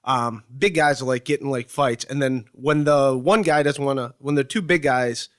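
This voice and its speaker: Halting man from Cleveland in interview. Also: medium pitch, fairly even intonation. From Ohio, Cleveland. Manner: halting, full of fillers and restarts, storytelling. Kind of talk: interview answers.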